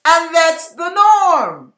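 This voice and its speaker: A woman's voice: extremely high pitch, big pitch swings, drawn-out words, sharp tone, echoey room. A woman giving an emphatic, repetitive sermon-style Bible teaching, acting out everyday quarrels in quoted voices. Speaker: Christian teacher.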